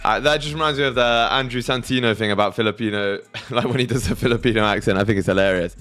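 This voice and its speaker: A man's voice: medium pitch, quick pace, fairly bright tone, soft background music. A young man hosting a trading livestream, talking loosely and crudely while reading out viewers' messages. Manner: loose, crude, reads chat aloud. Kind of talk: casual livestream chat.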